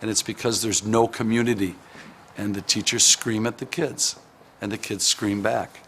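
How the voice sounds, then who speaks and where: Frank, energetic male schoolteacher. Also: fairly low pitch, normal speed, a little hiss or hum. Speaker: elementary school teacher. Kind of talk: documentary interview and classroom teaching.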